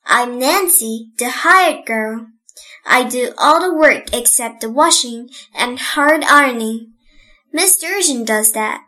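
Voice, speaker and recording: A woman's voice: on the high side, expressive, slow pace, bright, forceful tone, heavily acted. A woman reading an audiobook, voicing a flustered young housemaid who stammers and talks in plain rustic grammar.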